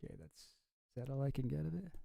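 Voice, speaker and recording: Rambling, mellow-voiced male streamer. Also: medium pitch, very animated, very fast, vocal fry, no echo, studio quality. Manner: rambling and offhand, trails off often. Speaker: streamer and video creator. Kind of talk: casual livestream chat.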